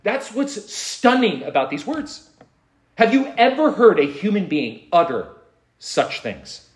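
In an expository sermon, a pastor preaches earnestly, leaning on rhetorical questions and repeated refrains. His voice is high, very animated, and a little slow.

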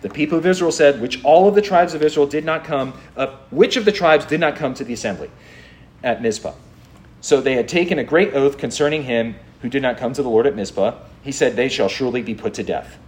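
A man's voice: mid-range voice, fairly quick, a little mellow. A man pastor preaching a sermon, reading scripture aloud and pressing his point with incredulous rhetorical questions.

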